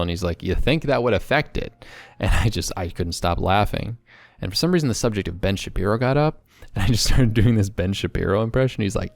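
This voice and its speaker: A young man talking candidly to camera in a rambling, excitable vlog monologue. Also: deep voice, no echo. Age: young adult. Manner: excitable, rambling, quick bursts. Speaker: vlogger.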